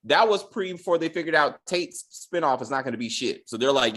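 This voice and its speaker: Animated man chatting casually, slightly high voice. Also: a little fast. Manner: animated, profane, quotes characters in put-on lines. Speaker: podcast host reviewing a TV episode. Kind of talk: casual chat.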